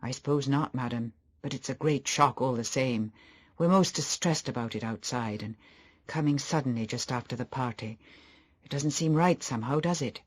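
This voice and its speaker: A man's voice: mid-range voice, normal speed, close to an everyday voice. A man voicing an old, devoted butler in an audiobook, polite and deferential. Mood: respectful.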